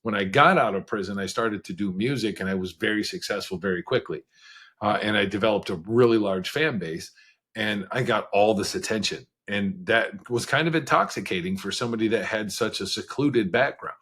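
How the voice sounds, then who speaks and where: A man appears as a podcast guest, telling his story frankly and conversationally in quick bursts with occasional laughs. His voice is lowish, fairly bright in tone and slightly rough, suiting this candid storytelling interview.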